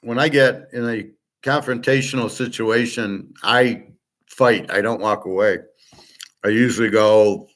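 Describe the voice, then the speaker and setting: A man's voice: lowish voice, unhurried, a bit bright. Blunt, profane middle-aged man. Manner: blunt, profane, rambling with many fillers. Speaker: sports betting host. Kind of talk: casual monologue.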